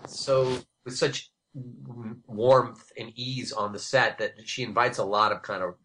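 A man who produces a TV series, answering panel questions with self-deprecating stories and lots of halting restarts. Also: mid-range voice, fairly even intonation, pushed and bright, slight background noise. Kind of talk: relaxed panel anecdotes.

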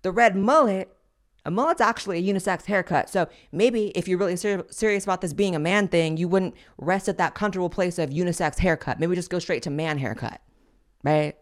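Sassy, profane woman host, lowish voice. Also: fairly quick. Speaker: podcast host. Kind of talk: blunt commentary on social media clips.

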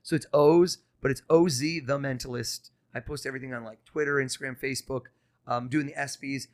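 A man who is a mentalist guest on a podcast, running a mind-reading trick with quick, insistent showman patter. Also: medium pitch, steady tone.

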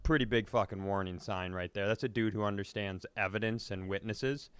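A man co-hosting a comedy podcast, telling a story in an animated, profane way and often restarting sentences. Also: fairly low pitch, brisk, clean tone, dry recording. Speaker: podcast co-host.

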